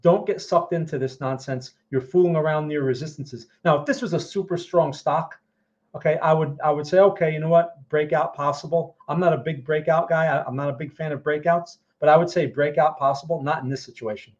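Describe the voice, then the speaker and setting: A man talking through stock charts in a loose, conversational way, pitched a little higher than most men. He keeps checking in with his listeners as he goes. The sound is dull and lo-fi. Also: steady tone, brisk. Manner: conversational, frequent "right?" and "okay?" check-ins. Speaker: trading educator answering viewer questions. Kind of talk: casual livestream market commentary.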